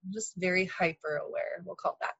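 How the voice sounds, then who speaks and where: A woman hosting a podcast, telling stories in an animated, laughing way over a video call. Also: lowish voice, fairly quick, slightly rough, no room sound, dull audio. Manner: animated storyteller, laughs often. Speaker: podcast host. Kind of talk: casual heartfelt conversation.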